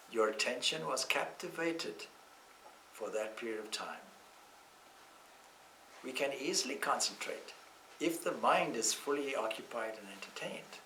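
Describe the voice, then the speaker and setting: A man with a bright, clear voice gives a calm, reflective scripture class. He sits back from the microphone, and the room around him rings with echo. His phrasing is slow and deliberate. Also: medium pitch, far from the mic, slight background noise. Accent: Irish. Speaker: monk teaching scripture. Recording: echoey room, speaker off-mic.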